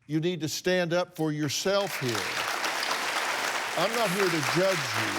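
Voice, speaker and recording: A man's voice: a little high, unhurried, over a noisy crowd, very noisy. A man hosting a talk show, counseling a guest in a blunt, emphatic, lecturing way. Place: TV studio with audience.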